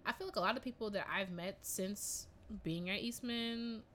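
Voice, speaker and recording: Bright-voiced young woman chatting casually. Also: mid-range voice, normal speed, slight background noise. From Jamaican family ties. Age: 20s. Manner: animated, laughing, slangy. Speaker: podcast co-host. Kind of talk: casual chat.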